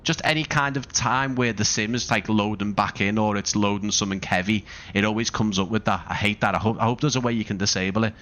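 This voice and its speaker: Speaking quickly with few pauses, this man has a voice on the low side with a fairly bright tone. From a home streaming room, he runs a casual live stream on a wireless gaming headset mic, rambling with many fillers and restarts and laughing often.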